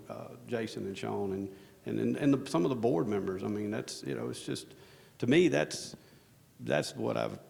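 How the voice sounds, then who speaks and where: Man, gravelly low voice, rambling self-deprecating storyteller, big-hall echo. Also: darkish tone. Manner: rambling, self-deprecating, lots of restarts and "you know". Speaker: conference speaker, operations executive. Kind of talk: casual storytelling on stage. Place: conference hall stage under bright lights. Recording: echoey conference hall.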